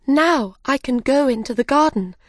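A woman's voice: moderate pace, no echo, clean studio sound. A woman voicing Alice, a curious and polite little girl, in a storybook reading. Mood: excited. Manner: high, excitable and apologetic.

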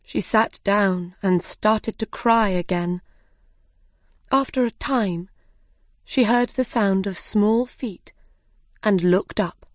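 A woman narrating a children's storybook with a slow, simple, careful reading. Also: mid-range voice, no room sound, clean studio sound.

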